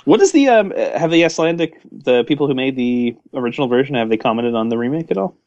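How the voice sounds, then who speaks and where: A man's voice: medium pitch, animated, fast, darkish tone, no echo, highs cut off. A man co-hosting a casual movie podcast, playful and teasing, laughing often. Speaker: podcast co-host.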